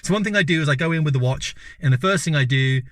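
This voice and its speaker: A man's voice: a little high, fast, dry recording, studio quality. A British man in his fifties telling a story in a casual, chatty way, often checking in with the listener. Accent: British English. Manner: chatty, keeps checking in with "right?" and "you know?". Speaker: vlogger.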